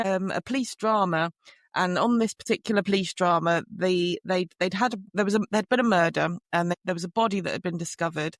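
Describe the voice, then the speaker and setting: A woman's voice: on the low side, no room sound, clean studio sound. A middle-aged woman from the UK, a forensic linguist and podcast guest, chatting and telling her story with frequent laughs and restarts. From United Kingdom.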